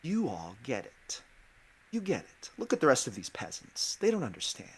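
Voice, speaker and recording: A man voicing a smooth, coaxing fantasy villain. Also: mid-range voice, moderate pace, exaggerated voice. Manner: confiding and flattering, with passive aggression. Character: smooth-talking manipulative male fantasy villain.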